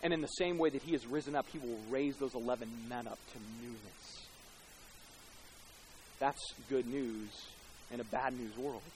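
A man preaching a sermon, swinging from loud emphatic bursts to hushed tender passages, with casual conversational asides. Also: mid-range voice, normal speed, a little hiss or hum, poor audio. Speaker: pastor. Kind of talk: expository sermon.

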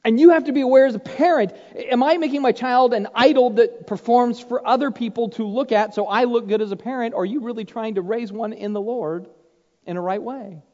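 A man's voice: very high voice, brisk. Emphatic preacher man in an echoey hall. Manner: emphatic, swings between loud stress and hushed asides. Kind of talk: sermon to fathers. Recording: echoey hall, dull sound.

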